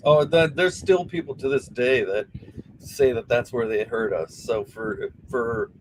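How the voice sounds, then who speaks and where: A male band member answering casually in a calm, thoughtful tone. His voice sits at a middle pitch, with a faint noisy background behind it. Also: measured pace.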